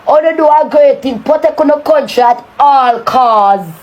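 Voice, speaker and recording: A woman's voice: high-pitched, unhurried, a little mellow. A woman with a Jamaican accent delivering a heated, taunting rant on a live stream, cursing often.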